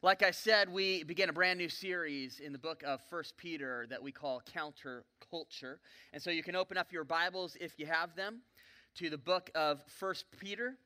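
A man preaching a sermon in a church, telling a story vividly with joking asides and sudden swings between loud and soft. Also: on the high side, moderate pace, soft background music. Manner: folksy, joking asides to the congregation. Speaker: pastor. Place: church sanctuary.

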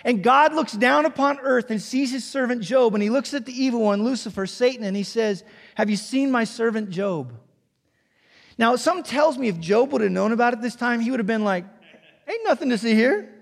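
Male pastor, high voice, animated sermon storytelling, slips into hushed asides; long hall reverb. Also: fairly quick, vocal fry. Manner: animated storytelling, acts out quoted voices, drops to a hushed near-whisper.

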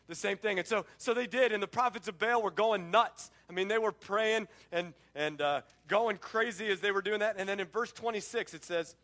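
Lively, bright-voiced man preaching. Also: high-pitched, brisk, hardly any pauses. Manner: animated storytelling with sports asides. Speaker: pastor. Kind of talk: sermon.

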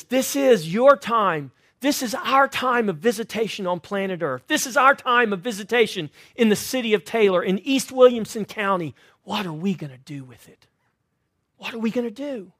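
A high-voiced man preaching from the pulpit in a church. He tells his stories with a lively, swooping delivery. He drops from loud, emphatic lines to near-hushed ones. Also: dry recording, studio quality. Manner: animated storytelling, swinging from loud to hushed. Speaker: pastor. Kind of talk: sermon. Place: church sanctuary.

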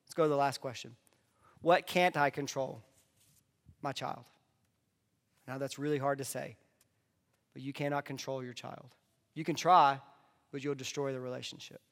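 A man delivering a conversational sermon as a pastor, dropping into soft asides. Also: mid-range voice, steady tone, normal speed, pauses often. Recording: long hall reverb.

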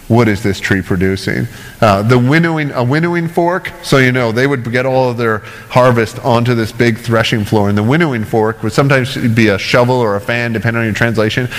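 A man preaching a sermon in a relaxed, conversational way, cracking jokes and checking in with the congregation. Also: medium pitch. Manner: conversational, joking, asks "right?" often. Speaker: pastor. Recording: long hall reverb.

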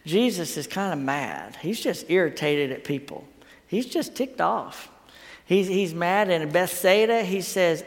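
A man's voice: high-pitched, lively intonation, unhurried. A middle-aged man giving a folksy, conversational sermon, telling stories and repeating words as he thinks aloud. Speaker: pastor. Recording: long hall reverb.

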